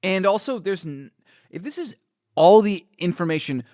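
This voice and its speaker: A young man with a lively, swooping voice that sits a bit high, riffing on a comic for his podcast. He asks questions and jokes around, recorded dry and close to the mic. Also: moderate pace, no echo. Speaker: podcast co-host. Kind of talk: casual comic book discussion.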